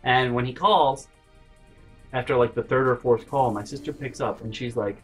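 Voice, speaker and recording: A man's voice: medium pitch, steady tone, a little slow, a bit bright, husky, faint music behind, rough recording. A man hosting a storytime vlog, rambling and interrupting himself, dropping to mutters. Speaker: vlog host.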